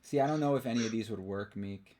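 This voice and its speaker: A man's voice: fairly low pitch, fast, dark tone. A man hosting a home livestream, bantering and teasing in casual chat. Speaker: streamer host. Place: home while drawing on stream.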